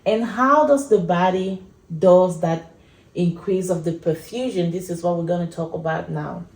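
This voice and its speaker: A woman teaching anesthesia at a whiteboard, explaining slowly and repeating key points to her viewers. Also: on the low side, darkish tone, echoey room, rough recording. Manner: slow, repetitive explaining, addresses viewers as guys. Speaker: anesthesia educator. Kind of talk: whiteboard lecture.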